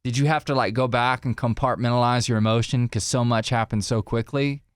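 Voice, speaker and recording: A man's voice: medium pitch, fairly even intonation, a little fast, clear, resonant tone, no room sound, studio quality. A man co-hosting a podcast, a supportive listener who asks follow-up questions. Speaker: radio and podcast co-host. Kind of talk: casual conversational interviewing.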